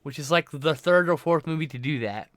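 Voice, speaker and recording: A man's voice: a little high, fairly quick, fairly bright tone, dry recording, clean studio sound. A man streaming live and chatting casually, rambling and now and then breaking into silly noises.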